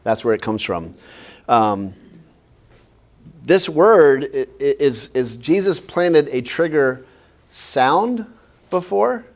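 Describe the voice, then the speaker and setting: A man's voice: medium pitch, lively intonation, takes it slowly, pauses often, darkish tone. A man, a pastor, teaching a Bible class in a conversational way, often quizzing his listeners with questions.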